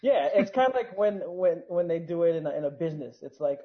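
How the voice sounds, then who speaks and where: High-voiced man in laid-back podcast banter. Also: animated, fairly quick. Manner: joking, laid-back, trails into laughs. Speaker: podcast co-host. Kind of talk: casual chat. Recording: dull lo-fi sound.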